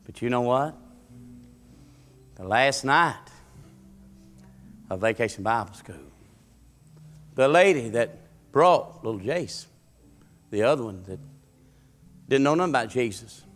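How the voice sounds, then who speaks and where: A male pastor, preaching a sermon as a storyteller whose voice climbs loud and high at the peaks. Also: lively intonation, unhurried, pauses often, soft background music.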